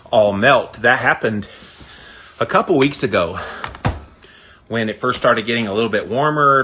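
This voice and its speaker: A man's voice: fairly low pitch, a bit bright, a little hiss or hum, low-quality recording. A man vlogging casually from an outdoor ice bath, upbeat and chatty, asking his viewers rhetorical questions. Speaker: health vlogger. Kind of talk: casual talk to camera while sitting in an ice bath.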